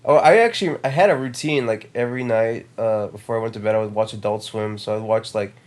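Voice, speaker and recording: A young man co-hosting a podcast in casual chat, relaxed and steering the talk to new topics. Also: on the low side, fast. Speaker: podcast co-host.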